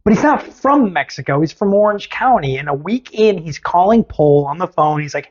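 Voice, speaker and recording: A podcast host telling a story in casual chat, animated and sarcastic. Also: mid-range voice, moderate pace, highs cut off.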